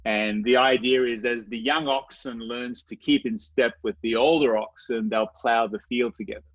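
A man's voice: mid-range voice, steady tone, normal speed, no echo. A man as an interview guest telling a personal faith story, earnest and reflective, often restarting and repeating his words. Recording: dry, slightly dull recording.

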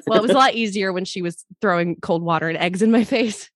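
Brief: woman actress, podcast guest, talkative, laughs easily, medium pitch, dry close mic. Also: quick pace, dry recording. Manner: chatty, laughs often between thoughts. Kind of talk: casual interview chat.

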